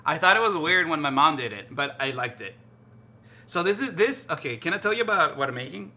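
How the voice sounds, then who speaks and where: A man chatting casually to his stream while cooking in his kitchen, excitable and rambling, often repeating himself. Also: a little high, a little fast. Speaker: live streamer. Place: home kitchen.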